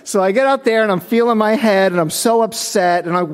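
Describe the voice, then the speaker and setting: A man preaching a sermon, telling a personal story with emphatic, animated delivery. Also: high-pitched, fast, hardly any pauses, big-room sound. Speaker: pastor.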